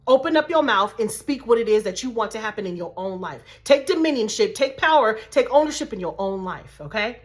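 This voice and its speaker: A woman life coach giving a casual, emphatic motivational talk to her viewers, repeating key points. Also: high-pitched. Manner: casual slangy speech.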